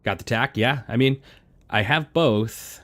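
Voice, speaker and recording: A man casually chatting with his live-stream chat while playing, relaxed and talkative, chewing a throat lozenge. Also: mid-range voice, measured pace. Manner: relaxed, chatty, answers chat between flying.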